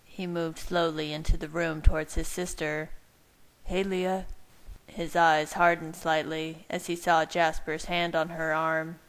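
Woman reading a story, slightly low voice. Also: completely flat delivery, measured pace, few pauses, clear, resonant tone. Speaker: reader. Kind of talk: reading fan fiction aloud.

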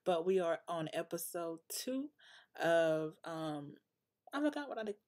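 A woman's voice: on the low side, expressive, unhurried, a little mellow. A woman hosting a let's play, rambling chattily and addressing the viewers directly with laughs. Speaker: gaming channel host. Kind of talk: casual let's play commentary.

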